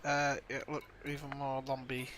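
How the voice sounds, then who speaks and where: A man's voice: mid-range voice, monotone, normal speed, background noise. A man giving casual, rambling commentary while playing a space game, chatty and prone to swearing. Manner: rambling, chatty, swears, bursts into loud shouted impressions. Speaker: game streamer. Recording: loud game music behind.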